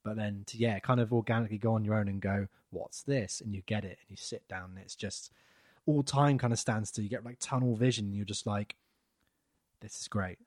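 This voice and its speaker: A man, chatting casually as a podcast co-host, rambling and trailing off softly. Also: fairly low pitch, steady tone, quick pace, no room sound, studio quality. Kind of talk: casual chat.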